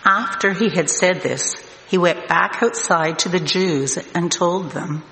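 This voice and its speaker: A man reading scripture aloud as narration, slow and deliberate. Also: sits high, vocal fry, pushed and bright. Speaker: scripture reader. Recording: echoey hall, long reverb, faint noise.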